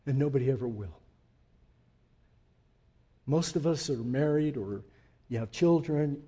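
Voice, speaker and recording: A man preaching a sermon, swinging from loud emphatic peaks to quiet, low asides and putting direct questions to the congregation. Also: expressive, normal speed, long pauses, breathy edge. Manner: emphatic, rising to loud peaks then dropping low and intimate. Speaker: pastor.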